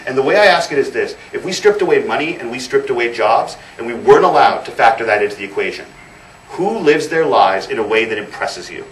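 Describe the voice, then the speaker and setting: A man's voice: mid-range voice, lively intonation, quick pace, a bit bright. Man giving a speech in a roomy hall. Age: 30s. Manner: storytelling, emphatic repetition. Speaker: guest speaker. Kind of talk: motivational speech. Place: event hall. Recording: roomy, distant mic, faint noise.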